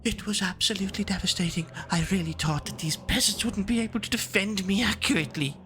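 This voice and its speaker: A man's voice: high-pitched, fast talker, fairly bright tone, a little hiss or hum, voice pushed up. A man putting on a pompous, fussy noblewoman. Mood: indignant. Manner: pompous, theatrical. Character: haughty noblewoman, fussy and dramatic.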